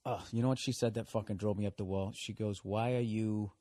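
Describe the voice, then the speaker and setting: A man's voice: lowish voice, steady tone, fast, mellow. A man hosting a podcast, delivering a profane, exasperated comedic rant. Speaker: podcast host. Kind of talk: ranting comedic monologue.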